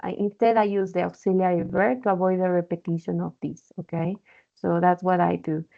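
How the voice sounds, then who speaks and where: A woman's voice: on the low side, little pitch movement, fairly quick, creaky, dark tone. A woman teaching an online English class, explaining patiently and checking in often with "okay?". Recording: dull lo-fi call audio.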